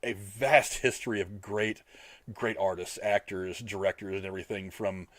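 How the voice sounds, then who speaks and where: A man's voice: on the low side, moderate pace, no echo. A man hosting a podcast in casual, rambling chat. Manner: rambling, animated. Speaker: podcast host.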